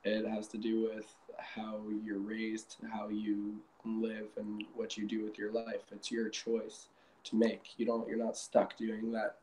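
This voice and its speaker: A man giving his view at length in a class discussion over a video call, steady as he explains his point. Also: lowish voice, a little slow, slight background noise, rough recording. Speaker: class participant.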